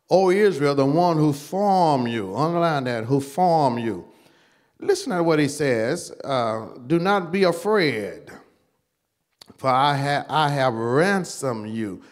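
Slow, halting preacher man. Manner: halting, repeats words with many fillers; rises in pitch and volume when stirred. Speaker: pastor. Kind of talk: Bible study teaching. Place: church.

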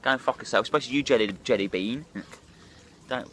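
A man's voice: medium pitch, fast, a bit bright, slight background noise. A hungover man, ranting and swearing bluntly in a rambling vlog monologue while drinking. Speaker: drinking vlogger.

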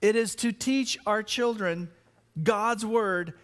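A high-pitched man preaches a sermon as pastor. He shifts between loud, excited outbursts and slow, quiet stress on key words. He often stumbles and repeats himself as he builds a point. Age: adult with children.

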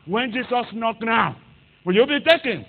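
A man preaching a fervent sermon, moving between hushed asides and loud shouted exhortation. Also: extremely high pitch, expressive, moderate pace, creaky, dry recording, phone-quality sound.

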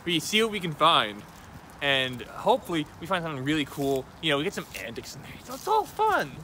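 A man outdoors rambling deadpan jokes to his friends in casual banter. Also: fairly high pitch, fast talker, slight background noise. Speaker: friend goofing around on camera.

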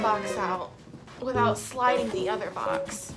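Young female vlogger, high bright voice, excitable and swearing, hushed to squealing; clear music underneath. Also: unhurried. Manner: gushing and excitable, swings from hushed whispers to squeals, swears casually. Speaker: singer and vlogger. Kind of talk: excited unboxing vlog.

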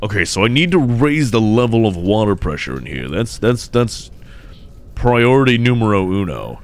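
A young man giving jokey, excitable let's play commentary as he plays, cheering on his fish and breaking into shouts. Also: on the low side, moderate pace. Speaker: gameplay commentator.

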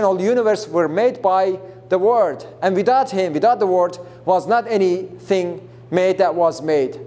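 Earnest and emphatic, a man in a high-pitched, warm voice teaches from the Bible, often restarting his phrases and saying things more than once while he explains.

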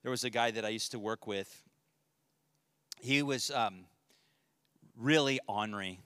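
Bright-voiced pastor teaching men. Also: male voice, lowish voice, a little slow, clean tone, dry recording. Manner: joking, conversational, reads scripture aloud. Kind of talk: casual Bible teaching. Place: church men's study group.

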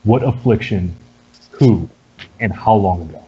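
A man's voice: on the low side, measured pace, natural voice. A man voicing a stern middle-aged male barkeeper who questions bluntly and suspiciously. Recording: dull lo-fi recording.

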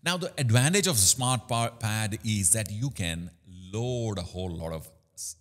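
A man's voice: lowish voice, lively intonation, moderate pace, fairly bright tone. A man hosting a product demo tutorial, explaining features with many fillers. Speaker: host. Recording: room with long reverb.

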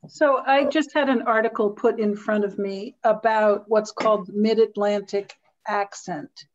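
Woman, halting, informative, muffled lo-fi sound. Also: mid-range voice, steady tone, a little hiss or hum. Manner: reads out information, halting with fillers. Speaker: discussion participant. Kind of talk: casual group discussion.

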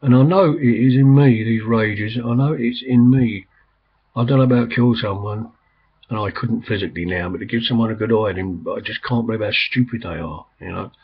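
A man's voice: on the low side, normal speed, husky. An older man rambling in casual talk, full of ums and restarts. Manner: meandering, many ums and restarts. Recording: slightly dull, lo-fi recording.

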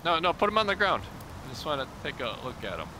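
A man's voice: on the high side, big pitch swings, quick pace, background noise. A man co-playing a game, trading dry, mock-grumpy banter. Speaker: co-player. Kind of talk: casual gameplay chat.

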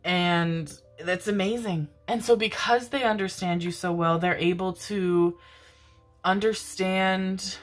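A woman's voice: mid-range voice, steady tone, slow pace, soft background music. A woman giving a casual, rambling tarot reading, affectionate and loose, with frequent fillers and casual swearing. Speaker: tarot reader. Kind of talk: casual intuitive reading monologue.

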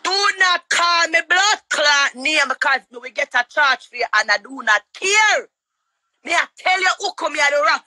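A woman with a Jamaican accent shouting and cursing in a heated livestream quarrel. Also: high-pitched, animated, no echo. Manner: shouting, cursing, rapid-fire. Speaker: livestream guest.

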